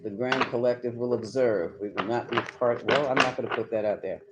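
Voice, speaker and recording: A man's voice: mid-range voice, brisk, very noisy. A man doing a live tarot reading, chatty and emphatic, talking straight to his viewers. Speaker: tarot reader.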